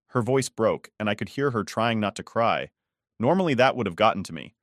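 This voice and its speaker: A man narrating a first-person online story in a measured, steady reading. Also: fairly low pitch, dry recording, studio quality.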